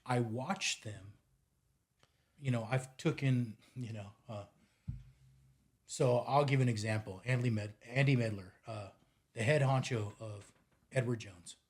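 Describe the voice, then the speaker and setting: A man's voice: medium pitch, measured pace, long pauses. A man in his forties who owns a fly shop and guides fishing trips, telling a story casually on a podcast and acting out the dialogue. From United States. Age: 40s. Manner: animated, acts out quoted dialogue, drops to near-mutter at times.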